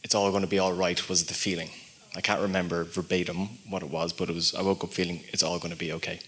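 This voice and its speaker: A man's voice: low-pitched, flat delivery, fast talker, fairly bright tone. A man in a seminar audience asking a question. He speaks tentatively and tells about a dream before getting to his point.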